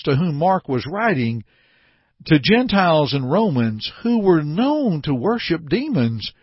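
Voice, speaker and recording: Husky guy preaching, real animated, lots of up and down, dull dry lo-fi sound. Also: fairly high pitch, no room sound. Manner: earnest, emphatic, addresses the listeners as dear friends. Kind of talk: sermon with scripture reading.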